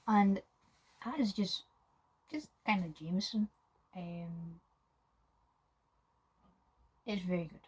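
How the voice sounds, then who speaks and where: A woman talks through a film review in a loose, wandering way, pausing often to find her words. Her voice sits a little low for a woman and has a husky, breathy edge. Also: a little mellow, low-quality recording. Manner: rambling and hesitant, with many ums and restarts. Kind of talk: casual spoken film review.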